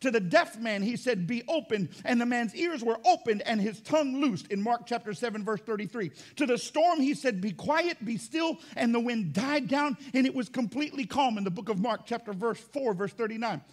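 A man preaching a sermon as pastor, emphatic and rising to shouts. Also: extremely high pitch, lively intonation, a little fast, few pauses.

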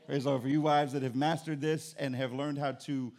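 A middle-aged man preaching a sermon as pastor, conversational and joking, with an animated delivery. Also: a little high, normal speed.

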